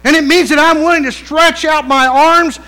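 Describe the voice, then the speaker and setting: Pastor, male, very high voice, sharp and tense tone; chatty sermon delivery with rhetorical questions and jokes. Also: steady tone, normal speed, low-quality recording. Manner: conversational preaching with rhetorical questions; playful asides and humor.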